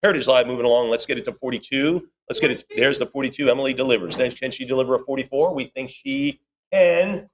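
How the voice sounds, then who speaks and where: A man working as auctioneer, calling bids rapidly in a live auction and breaking off for chatty asides to bidders and staff. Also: mid-range voice. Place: auction room.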